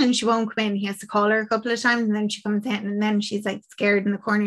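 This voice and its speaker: A young woman on a casual podcast retells a film's plot, acting out the characters' lines and swearing casually. Her medium-pitched voice is level, and she talks quickly with hardly any pauses.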